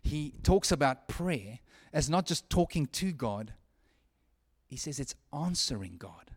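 A man delivers a sermon in an earnest, conversational way, his voice sitting high for a man. He drops to hushed lines and then rises to loud ones, often restarting his phrases as he goes. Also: lively intonation, a little slow, breathy edge. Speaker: preacher.

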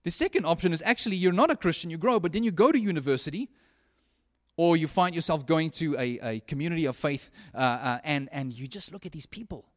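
High-voiced, animated preacher. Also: male voice, fast. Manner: earnest, animated, conversational, with frequent restarts and swings from hushed to loud. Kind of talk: sermon.

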